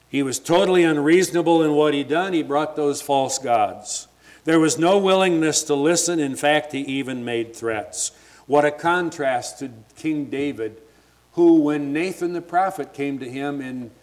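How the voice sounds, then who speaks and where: A man's voice: on the high side, darkish tone. A man preaching a sermon, retelling scripture in everyday words and stumbling over restarts as he thinks aloud.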